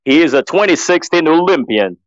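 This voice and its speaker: A man imitating a booming male boxing ring announcer, stretching out the words as they rise toward the names. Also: expressive, no room sound, highs cut off, close to an everyday voice. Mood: grand. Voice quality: drawn-out, rising announcer delivery.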